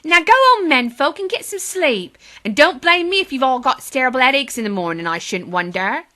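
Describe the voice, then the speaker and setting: A woman's voice: high-pitched, big pitch swings, brisk, sharp tone, voice pushed up, exaggerated voice. A woman doing a bossy, cheeky nine-year-old girl. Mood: scolding. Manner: indignant, firm, slangy.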